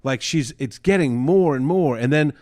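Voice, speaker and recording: A man co-hosting a casual podcast chat, retelling a story with animated acted-out quotes and frequent swearing. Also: fairly high pitch, normal speed. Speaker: podcast co-host.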